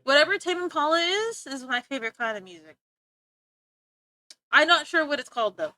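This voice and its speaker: A woman with a high, bright voice chats casually on a live stream, teasing her viewers and rambling from one thing to the next. She giggles often and trails off mid-thought. Her voice sounds dry and close, with no room echo. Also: expressive, a little fast. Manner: playful, giggly and rambling, often breaking off to laugh; joking, teasing banter with chat. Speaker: livestreamer.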